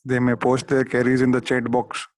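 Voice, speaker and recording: A man's voice: medium pitch, monotone, normal speed. A man moderating a webinar, speaking in a polite, formal way.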